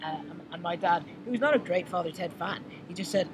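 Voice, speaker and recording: A man's voice: high-pitched, fairly quick, background noise. An Irish man co-hosting a podcast, chatting casually and telling anecdotes with acted-out quotes. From Ireland. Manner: chatty storyteller, acts out quoted exchanges. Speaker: podcast co-host. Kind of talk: casual chat.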